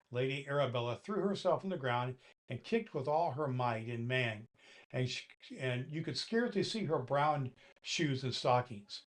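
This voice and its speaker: A man in a Santa Claus role, gently reading a children's story aloud and talking to the boys and girls listening. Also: mid-range voice.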